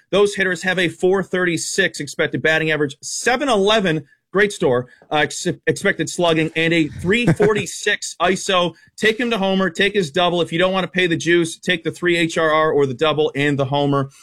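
A man with a high voice talks sports betting on a radio show. He rattles off numbers fast and gives blunt, emphatic opinions. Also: a bit bright. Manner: rapid-fire stat-heavy, emphatic and opinionated.

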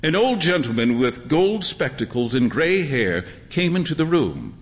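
A man's voice: on the high side, unhurried, big-room sound. A man performing a theatrical live reading of a classic short story. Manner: expressive, theatrical. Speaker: reader.

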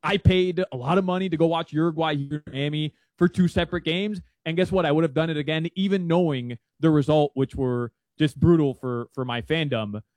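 A man's voice: fairly high pitch, steady tone, fairly quick, few pauses, darkish tone, no echo. Chatty man with a dry close sound. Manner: rambling, many restarts and fillers. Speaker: guest soccer analyst. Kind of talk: casual sports-betting chat.

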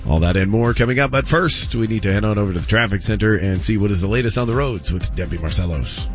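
Low-voiced male radio newscaster. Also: fast, music in the background. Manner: steady, formal. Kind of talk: radio news reading. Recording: dull lo-fi broadcast audio.

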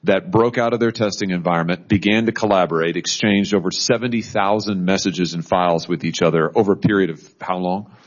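A man chairing a formal hearing who questions witnesses in halting speech full of restarts. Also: deep voice, muffled recording.

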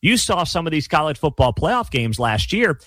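A man's voice: fairly high pitch, sing-song, moderate pace, fairly bright tone, no room sound. Ranting sports talk host, man. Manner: emphatic, ranting, sarcastic asides. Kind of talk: opinionated sports commentary monologue.

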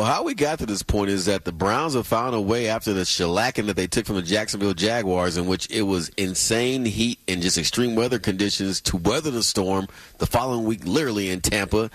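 A man's voice: lowish voice, fairly bright tone, no room sound. A man co-hosting a casual sports talk show, upbeat and emphatic, often laughing as he makes his points. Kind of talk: casual sports commentary chat.

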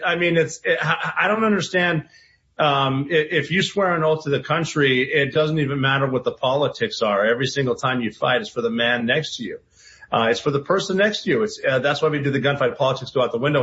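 A man's voice: medium pitch, a bit bright. Earnest veteran man, muffled clip. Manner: earnest, halting, with restarts. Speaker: veteran guest in played clip. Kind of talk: played interview clip. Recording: dull, muffled audio clip.

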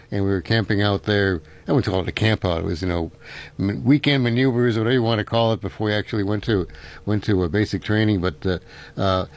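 Older male radio host, folksy and rambling, chuckles often. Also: lowish voice. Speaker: radio talk show host. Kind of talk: local radio call-in show.

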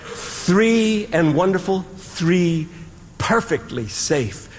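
A man performing stand-up comedy, telling a story with dramatic pauses and sound effects, recorded live in a large hall. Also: high voice, expressive, background noise. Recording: live hall with audience ambience.

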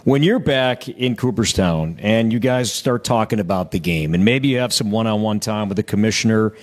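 A man's voice: fairly low pitch, normal speed. A man hosting a broadcast interview, prompting his guest with friendly questions. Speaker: host, interviewer.

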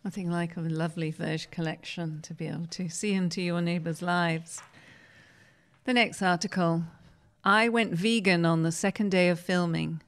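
Woman host reading out an interview piece, lowish voice, calm storytelling pace. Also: moderate pace, clear, resonant tone. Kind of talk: reading a magazine article aloud.

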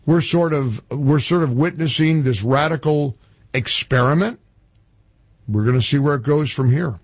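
A man's voice: on the high side, normal speed, slightly rough, dry recording. A man hosting a talk radio show, giving opinionated conversational commentary in a studio.

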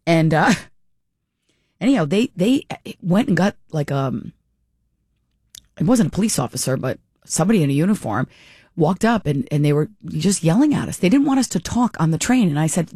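A woman hosting a radio talk show, telling a long story in a chatty, animated way and often repeating words as she starts a sentence. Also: lowish voice, moderate pace, husky, dry recording, clean studio sound. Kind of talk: casual radio chat and storytelling. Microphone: studio microphone.

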